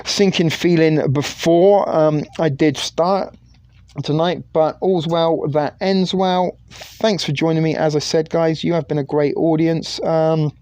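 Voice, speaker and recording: A man's voice: on the high side, steady tone, unhurried, darkish tone, no room sound. A man hosting a livestream in casual chat, rambling, joking and swearing freely. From United Kingdom. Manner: rambling, jokey and profane. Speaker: livestream host.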